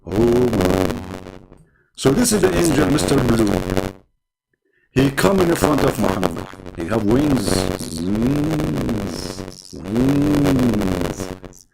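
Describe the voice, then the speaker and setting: Man, Arabic accent, theatrical sarcastic debate host; gravelly, animated delivery over background noise. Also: mid-range voice, slow pace, pauses often. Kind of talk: mocking debate commentary. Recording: noisy background.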